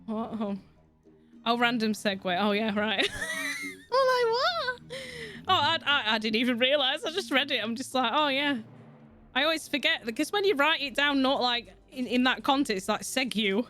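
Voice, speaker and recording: A woman's voice: high voice, brisk, pushed and bright, soft background music. Sweary giggly Yorkshire woman streamer. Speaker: streamer with a virtual avatar. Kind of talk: casual gaming stream chat.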